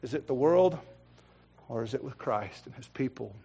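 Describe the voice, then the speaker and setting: A middle-aged man preaching a sermon, swinging between loud bursts and quiet asides and acting out the voices in his stories. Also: mid-range voice, animated, moderate pace, breathy edge. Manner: acts out quoted voices in storytelling. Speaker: pastor.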